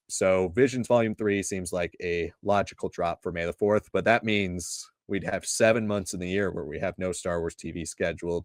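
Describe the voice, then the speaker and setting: A man co-hosting a casual livestream chat, giving a brisk, organized rundown. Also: low voice, no room sound, studio quality. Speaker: co-host.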